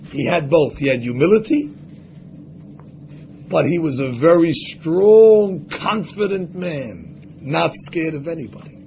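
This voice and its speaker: A man's voice: on the high side, expressive, unhurried, vocal fry, highs cut off, a little hiss or hum. A man teaching a religious class, speaking emphatically and acting out the voices of imagined people. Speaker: Torah teacher.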